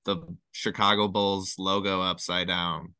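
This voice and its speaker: A man talking as a podcast guest in casual chat, rambling excitedly through one number theory after another. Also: low voice, unhurried, clean tone, dry recording, studio quality.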